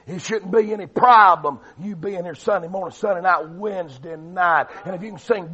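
A man preaching a fiery revival sermon, swinging between loud shouting and low, quiet delivery. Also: moderate pace, few pauses, slightly rough. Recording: dull lo-fi recording.

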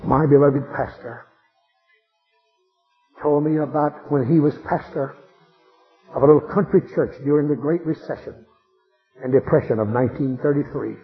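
A man's voice: fairly high pitch, normal speed, pauses often. A male preacher telling a dramatic story and making a fervent altar call in a large church with a balcony. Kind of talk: sermon. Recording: tinny phone-like radio broadcast with faint music.

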